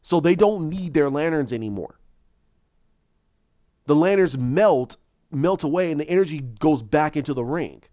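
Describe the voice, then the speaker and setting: A man's voice: a little high, expressive, moderate pace, long pauses, dark tone, no echo, highs cut off. A man casually retelling his own movie idea, rambling with many restarts and repeated words. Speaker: fan pitching his own movie plot.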